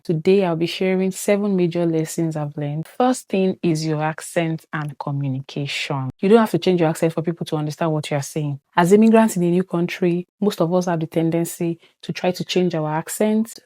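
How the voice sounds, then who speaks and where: A woman's voice: lowish voice, warm tone, no room sound. A young Nigerian woman with a Nigerian accent, chatting to camera in a casual vlog and acting out little quoted exchanges as she tells her story. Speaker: vlogger.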